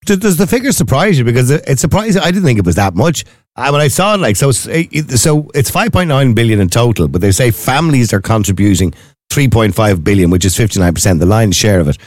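A man's voice: mid-range voice, expressive, fast, a little mellow, dry recording, clean studio sound. An Irish man hosting a radio show, asking questions in a casual chat. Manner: questioning, conversational. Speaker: radio host.

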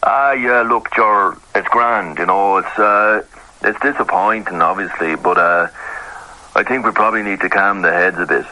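This is an easygoing, unbothered Irish rugby pundit, as a man puts him on in a comedy sketch. His voice sits low yet comes out bright and forceful. He rambles in a relaxed, colloquial way. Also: moderate pace, low-quality recording. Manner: laid-back, rambling, colloquial. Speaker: rugby pundit reporting from abroad.

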